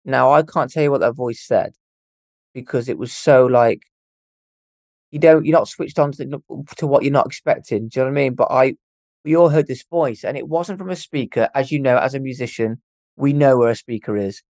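A young man telling a ghost story as a podcast guest, animated and swearing freely as he acts out what people said. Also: medium pitch, normal speed, no echo. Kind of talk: casual storytelling.

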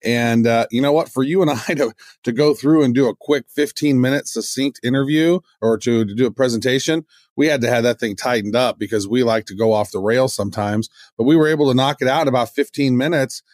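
A man's voice: mid-range voice, a little fast, darkish tone, no echo, studio quality. Enthusiastic rambling male podcast co-host. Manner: rambling, enthusiastic, frequent restarts. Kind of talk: casual podcast chat.

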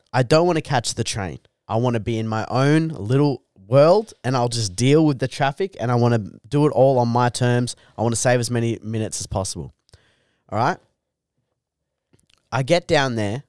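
A man's voice: medium pitch, darkish tone, smooth, no echo, studio quality. A young Australian man co-hosting a podcast in laid-back, crude chat, swearing a lot and calling his co-host dude.

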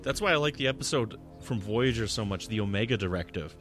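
A man's voice: lowish voice, animated, fast talker, over music. A man guesting on a podcast, talking enthusiastically and casually with many fillers during a commentary. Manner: enthusiastic, talks with many fillers like "you know" and "right".

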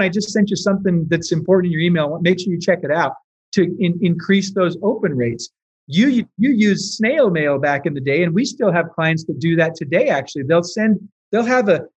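A man appears as an interview guest, with a slightly high voice that comes through dull, lo-fi audio. He explains things earnestly and often restarts or repeats words as he builds his points. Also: breathy edge. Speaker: interview guest, business software founder. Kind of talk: conversational interview.

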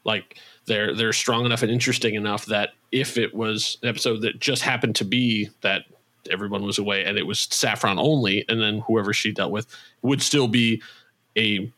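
A man's voice: fairly low pitch, fairly even intonation, moderate pace, sharp tone. A man, the writer and creator of an audio drama, chatting on a podcast in a thoughtful, rambling way. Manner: thoughtful, rambling, trails off and restarts. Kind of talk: casual podcast chat.

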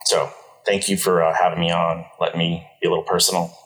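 A middle-aged man, a podcast guest, telling a personal story in an earnest, reflective way with halting restarts. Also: sits low, flat delivery, a bit bright, rough recording.

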